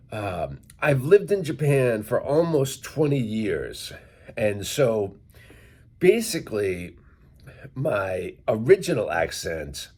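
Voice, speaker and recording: A middle-aged man from central Massachusetts, speaking as an English teacher in a casual, deliberate monologue to camera and spelling words out letter by letter. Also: mid-range voice, darkish tone. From central Massachusetts, USA.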